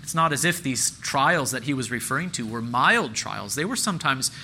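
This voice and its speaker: Earnest preaching man, very bright voice. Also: mid-range voice, expressive, moderate pace, slight background noise, rough recording. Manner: earnest, rising emphatic preaching with repeated phrases. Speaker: pastor. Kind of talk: sermon.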